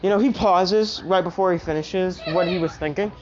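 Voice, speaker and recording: A woman's voice: lowish voice, normal speed, a little mellow, slight background noise. A woman casually telling a fan-made story, rambling along with lots of "you know". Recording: dull lo-fi recording.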